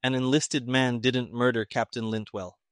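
A man's voice: mid-range voice, fairly even intonation, normal speed, fairly bright tone, clean tone, no echo, clean studio sound, lightly acted. A man reading the part of an irritated middle-aged army colonel who talks sarcastically and emphatically.

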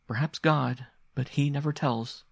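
A man's voice: medium pitch, steady tone, gravelly, no echo, clean studio sound, pitched above the performer's own voice. A man doing a weary, bitter mother. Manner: measured and bitter.

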